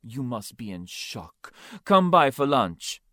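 Audiobook figure: flamboyant man with a put-on French accent, high and fluting, dramatic; lively swoops. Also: slow, dry recording, studio quality. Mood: gushing. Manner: dramatic, gushing.

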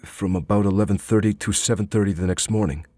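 A man's voice: lowish voice, fairly even intonation, fast talker, dark tone, dry recording, studio quality, voice pushed up, lightly acted. A man reading an audiobook, voicing a defensive young man who gives terse, hesitant answers under questioning. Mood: guarded. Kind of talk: audiobook character voice.

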